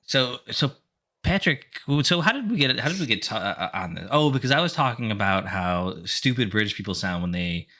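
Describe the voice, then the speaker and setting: Blunt, bright-voiced American man. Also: fairly low pitch, very animated, a little fast. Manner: blunt, opinionated, profane. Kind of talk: casual chat.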